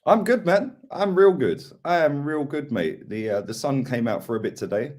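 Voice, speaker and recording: Co-hosting a football stream, an English man chats casually and tells stories, peppering his lines with "yeah" and "mate." His voice is a little high and animated, with a moderate pace and a darkish tone.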